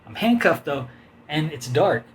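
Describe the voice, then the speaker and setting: A man tells a sprawling, animated story in a casual chat, full of quoted voices and laughter. His voice sits a little high for a man. A faint hum runs underneath the recording. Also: unhurried. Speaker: host telling a story.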